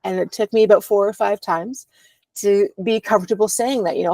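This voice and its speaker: A woman's voice: mid-range voice, a little fast, vocal fry, warm tone, no echo. Candid woman telling her story. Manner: candid, rambling, frequent ums. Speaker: podcast guest. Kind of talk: personal storytelling in conversation. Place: at home.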